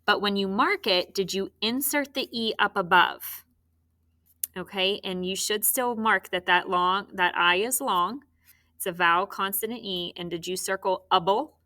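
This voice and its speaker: A woman teaching a recorded phonics lesson, dictating words slowly and patiently, with encouraging checks. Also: mid-range voice, pushed and bright.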